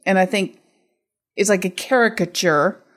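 A woman's voice: mid-range voice, normal speed. A woman with a Mancunian accent chatting casually about a film, wry and teasing. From Manchester area, England. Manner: wry, teasing, laughs often. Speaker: co-host discussing a film. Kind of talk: casual chat.

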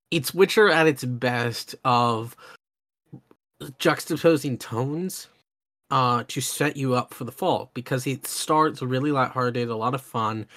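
Man, mid pitch, eager, rambling podcast host. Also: fairly bright tone. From Oklahoma, USA. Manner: enthusiastic, rambling, many fillers and restarts. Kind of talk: casual chat.

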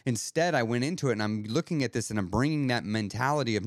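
A man's voice: mid-range voice, lively intonation, quick pace, dry recording. Earnest man, dry close podcast voice. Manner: earnest, motivational, thinking aloud with restarts. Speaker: podcast host. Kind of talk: reflective podcast monologue.

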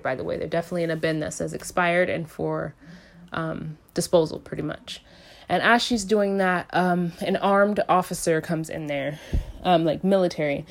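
A woman casually retelling a movie's plot in a rambling way, full of "like" and "um", and swearing now and then. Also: lowish voice. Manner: rambling, filler-heavy, lots of "like" and "um"; casually profane. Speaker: movie recap reviewer.

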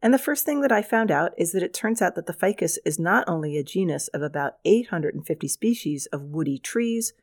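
A woman's voice: on the low side, lively intonation, a little fast, few pauses, a little mellow, dry recording. An older woman hosting a radio gardening segment, chatty and wry, with enthusiastic asides. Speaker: radio gardening show host.

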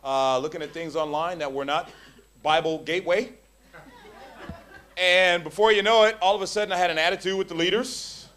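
Male preacher, animated sermon delivery with a raised pitch and restless restarts. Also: normal speed, some chatter behind. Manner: animated, swings from hushed to loud emphasis; stammering restarts when excited. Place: church.

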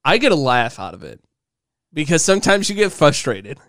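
A man's voice: fairly high pitch, big pitch swings, moderate pace, fairly bright tone, no echo, studio quality. A young man co-hosting a podcast, teasing and joking in casual chat with his partner. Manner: teasing, playful, jokey. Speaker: podcast co-host.

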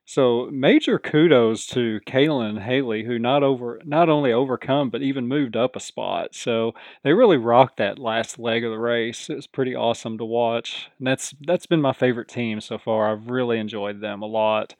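Male podcast host, casual recap, medium pitch, dry close mic. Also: moderate pace, hardly any pauses, dry recording. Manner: chatty, quotes the contestants in animated voices. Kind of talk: casual reality show recap.

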